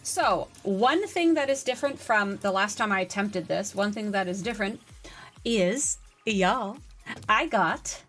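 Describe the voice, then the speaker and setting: A woman game streamer chatting casually on a live stream, reading and answering chat with excitable energy. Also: mid-range voice, measured pace, faint music behind.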